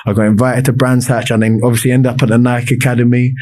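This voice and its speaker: A man's voice: medium pitch, flat delivery, quick pace, darkish tone. A man, a podcast guest telling his life story in casual talk, with many restarts and fillers.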